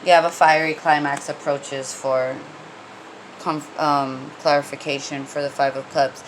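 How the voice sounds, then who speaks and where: Chatty woman reading tarot, low voice. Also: little pitch movement, a little slow, slight background noise, low-quality recording. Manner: rambling, conversational, frequent fillers and restarts; blunt, gets heated. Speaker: tarot reader.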